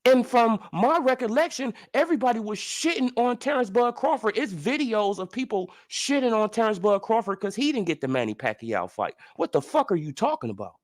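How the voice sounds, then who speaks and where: A man's voice: sits high, big pitch swings, fairly quick, few pauses. A man ranting in sports commentary as a vlogger, profane and incredulous, firing off heated rhetorical questions.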